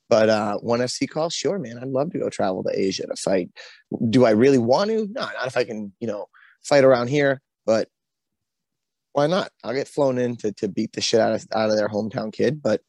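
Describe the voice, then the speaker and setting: A man's voice: fairly low pitch, gravelly, darkish tone, dry recording. A man with a Boston accent talks casually as the guest in an interview. He rambles, restarts sentences and leans on "you know" constantly, in a dry, close sound. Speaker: pro fighter as guest.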